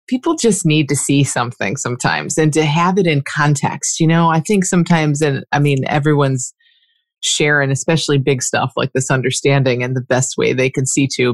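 A woman's voice: very deep voice, dry recording. Dry-sounding woman podcast host, musing. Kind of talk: casual conversation.

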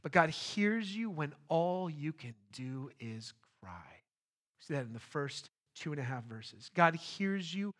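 Middle aged guy preaching, bright punchy voice, kinda high, earnest and emphatic, slows down on key lines. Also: expressive. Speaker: pastor. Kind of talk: sermon.

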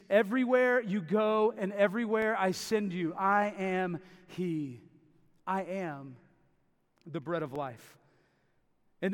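A man preaching a sermon, emphatic and repeating phrases for stress. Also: sits high. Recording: long reverb of a large hall.

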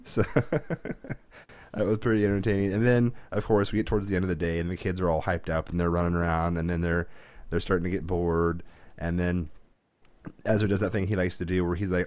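A man with a very deep, low voice tells long family stories at a quick clip. He rambles, restarts sentences and laughs often as he co-hosts a casual podcast chat. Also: level tone, darkish tone, dry recording. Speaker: podcast co-host.

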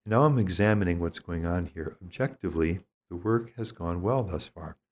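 An older priest delivers spiritual teaching in a quiet, reflective tone. His very deep, low voice is gentle and considered, each phrase carefully measured, with frequent pauses in the middle of his thoughts.

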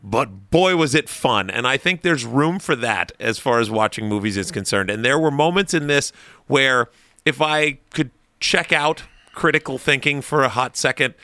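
A man giving his take on a film in a casual chat, choosing words in a playfully formal, wordy way. His tone is bright and forceful, and the recording is dry and close. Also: medium pitch, normal speed, no echo. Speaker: film podcast co-host.

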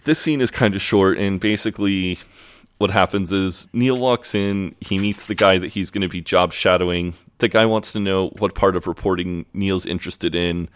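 A man's voice: sits low, moderate pace, clear, resonant tone, no echo. A man co-hosting a podcast, retelling a comedy episode in easygoing chat that is loose and full of filler words. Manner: easygoing, loose speech full of "like" and "you know". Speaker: podcast co-host. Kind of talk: casual episode recap and review.

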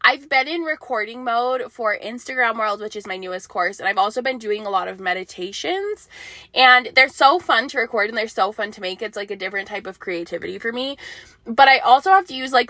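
A woman's voice: a little high, animated, fairly quick, pushed and bright, no echo, studio quality. A young woman hosting her own podcast, chatting casually and bubbly with lots of "like" fillers. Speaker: podcast host. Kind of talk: casual solo podcast chat.

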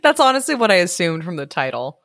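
A woman's voice: on the low side, big pitch swings, fast talker, gravelly, a bit bright, no echo, studio quality. A woman chatting casually and enthusiastically about a story. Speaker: co-host listener. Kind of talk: casual chat.

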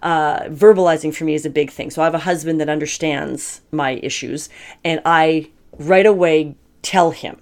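A woman's voice: sits low, fairly even intonation, moderate pace. A middle-aged woman giving a casual motivational talk to camera, candid and chatty, laughing often as she goes. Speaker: self-help vlogger.

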